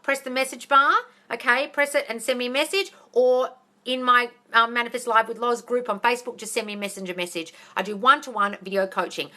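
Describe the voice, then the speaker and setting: A woman answering viewers' questions on a live phone stream, talking fast and bluntly, swearing and calling everyone darling. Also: a little high, pushed and bright. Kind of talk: casual live Q&A.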